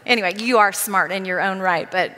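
Middle-aged woman, Southern accent, playful conference speaker; bright, lively tone, long hall reverb. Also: medium pitch, a little fast, slight background noise. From Southern United States. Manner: warm chatty storytelling, laughs often, playful. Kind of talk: conference talk from a stage.

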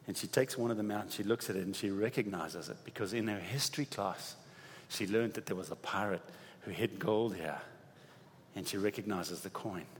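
Animated preacher in an echoing hall. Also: male voice, lowish voice, moderate pace, a little hiss or hum. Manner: animated, rising to emphatic peaks. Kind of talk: sermon storytelling. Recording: long reverb in a large hall.

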